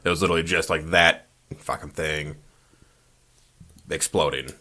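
A young man co-hosting a casual podcast from a spare room, joking, swearing and slipping into quick impressions. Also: very deep voice, steady tone, pushed and bright. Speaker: podcast co-host. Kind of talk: casual chat. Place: small spare room used as a home studio.

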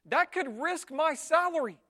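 A man preaches a sermon in an easy, conversational way. He keeps checking in with his congregation with quick rhetorical tags and tells stories with lively energy. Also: extremely high pitch. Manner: conversational, with frequent rhetorical tags and animated retellings. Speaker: pastor.

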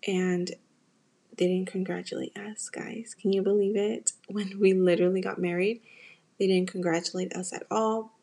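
A young woman from the United States hosts her own podcast and tells a personal story in a casual, confessional way. Her voice is airy and breathy, at a mid pitch, and she speaks to her listeners directly and with open emotion. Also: little pitch movement, moderate pace, dark tone. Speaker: podcast host.

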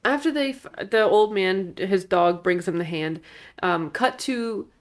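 Woman on a movie podcast, chatty, laughs a lot, mid-pitched voice. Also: lively intonation, a little slow. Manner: chatty, laughs easily, lots of fillers. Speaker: podcast co-host. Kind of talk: casual chat reviewing a film.

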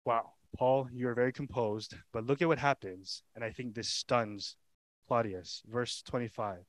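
A man's voice: mid-range voice, fairly even intonation, measured pace. A man preaching a sermon as pastor, telling the story with dramatic emphasis, rhetorical questions and repeated lines. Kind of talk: expository sermon.

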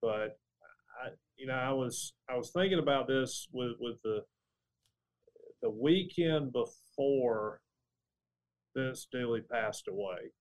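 A man's voice: medium pitch, takes it slowly, long pauses, low-quality recording. A middle-aged man from Georgia, a professor giving an interview. He explains at length and often restarts his phrases. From Georgia, USA. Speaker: political science professor, guest. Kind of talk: conversational interview.

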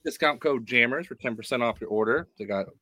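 A man's voice: mid-range voice, fast talker, pushed and bright, no echo. A man co-hosting a podcast, casually bringing up the news and the sponsor spot. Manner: casual, reads sponsor spots. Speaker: podcast co-host. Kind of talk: casual chat.

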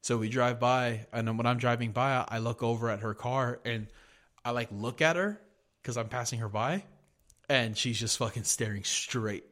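A man's voice: mid-range voice, fairly even intonation, normal speed, fairly bright tone. A man hosting a podcast, telling a heated, profanity-filled story in a casual rant. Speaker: podcast host.

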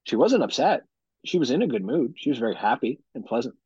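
A man hosting a podcast, telling a profane, animated story about his kids in casual chat. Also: mid-range voice, fast talker, slightly rough, no room sound. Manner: profane, animated storytelling with mock-dramatic quotes. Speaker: podcast host. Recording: dull lo-fi podcast audio.

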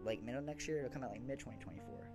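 A man's voice: medium pitch, expressive, very fast, vocal fry, loud music behind the voice. A young man co-hosting a casual podcast, talking with lots of ums and restarts and casual swearing. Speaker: podcast co-host. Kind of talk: casual chat.

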